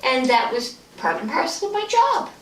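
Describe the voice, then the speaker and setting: A woman giving a storytelling speech at a club meeting, acting out the voices and dropping to a hush for punchlines. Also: high voice, moderate pace. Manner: animated, acts out voices, hushed at punchlines. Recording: echoey room, distant mic, faint noise.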